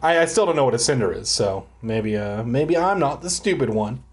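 A man reads a children's book aloud and keeps breaking off into profane, self-mocking asides. His voice swings up and down in a lively, animated way as he rambles. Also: mid-range voice, moderate pace, hardly any pauses. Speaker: reader and commentator. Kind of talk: casual read-aloud with rambling commentary.

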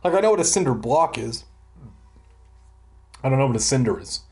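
A man's voice: medium pitch, animated, a little fast, darkish tone. A man reading a children's book aloud and breaking off into profane, self-mocking, rambling asides. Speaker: reader and commentator. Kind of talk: casual read-aloud with rambling commentary.

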